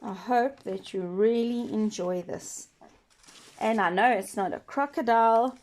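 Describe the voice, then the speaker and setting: A woman giving a patient painting lesson for children, gently asking questions and dropping to soft whispers as she works. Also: on the high side, a little slow. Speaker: children's art teacher. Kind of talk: slow painting demonstration for children.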